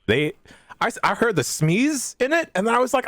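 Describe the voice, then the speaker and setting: A man's voice: extremely high pitch, big pitch swings, a little fast, fairly bright tone, no echo, studio quality. A man co-hosting a video game podcast, joking and explaining youth slang in casual chat. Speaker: podcast co-host.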